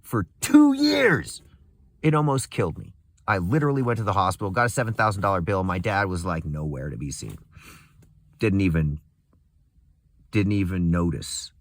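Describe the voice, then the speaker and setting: Low-voiced young man ranting bitterly. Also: very animated, moderate pace, long pauses, dry recording. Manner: angry, profane, bitter laughter; swings from muttering to raised voice. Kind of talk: casual rant.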